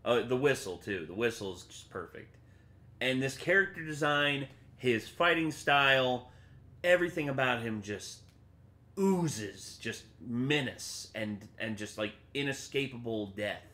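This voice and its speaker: Guy gushing about a movie, bit halting, bright sharp voice. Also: mid-range voice, animated. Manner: earnest, halting. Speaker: co-reviewer. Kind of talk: casual chat.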